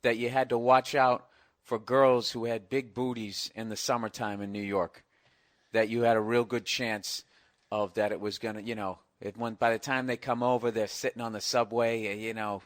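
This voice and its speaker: A man co-hosting a podcast, telling stories in a casual, animated, profane way. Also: medium pitch, moderate pace, no room sound, studio quality. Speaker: podcast co-host. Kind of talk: casual chat.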